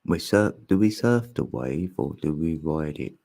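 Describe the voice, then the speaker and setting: A man hosts a loose, joking livestream, rambling between laughs and the odd sung line. His voice sits very low and moves unhurriedly. It carries a husky edge. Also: lively intonation, a little slow, a little mellow. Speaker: livestream host. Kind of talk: casual live stream chat.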